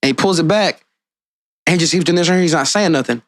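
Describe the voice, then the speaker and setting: A man co-hosting a podcast in casual chat, telling stories in a profane, animated way. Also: on the high side, fast, dry recording. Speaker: podcast co-host.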